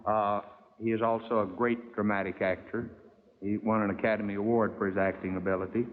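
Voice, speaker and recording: A man's voice: fairly low pitch, flat delivery, brisk, slight background noise. A man hosting a variety show, introducing a guest in a folksy, easy manner with frequent laughter. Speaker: host. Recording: lo-fi 1960s TV broadcast, hall reverb.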